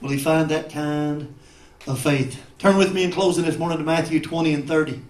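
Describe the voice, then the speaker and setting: A male pastor delivers a fervent sermon in a high, ringing voice. He swings between shouted peaks and low, confiding asides. The sound carries the echo of a large church sanctuary. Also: fairly even intonation, fairly quick.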